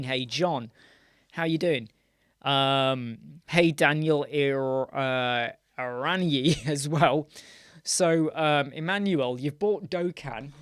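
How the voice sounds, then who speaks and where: Chatty live-stream host, dry close sound. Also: male voice, on the high side, a bit bright, dry recording. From United Kingdom. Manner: chatty, greets viewers mid-sentence, thinks aloud. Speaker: host of a live web design Q&A. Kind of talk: casual live-stream Q&A with screen demo.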